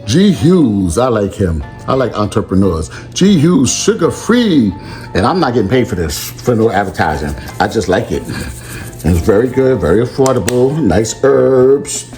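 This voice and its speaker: A man's voice: medium pitch, sing-song, a little slow, a little mellow, soft background music. A man hosting a playful home cooking show in his kitchen, talking in a silly, sing-song way. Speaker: cooking show host and teacher.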